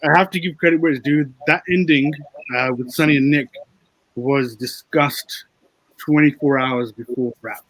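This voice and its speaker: A man's voice: a little high, steady tone, normal speed, a bit bright, no room sound, rough recording. A man, a film director, talking candidly and easily about making his film in a casual interview.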